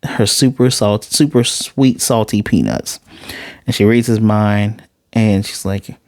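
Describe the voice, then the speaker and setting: A man recapping an anime episode in casual talk, animated and quick to slip into quoted voices. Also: lowish voice, no echo, studio quality. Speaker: anime reviewer.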